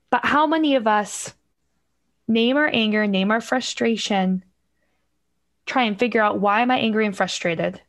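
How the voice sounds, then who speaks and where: A woman's voice: on the high side, moderate pace, long pauses. Reflective middle-aged woman on parenting. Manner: reflective, explains with lively acted-out examples. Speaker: guest expert on parenting emotions. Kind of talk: casual podcast conversation.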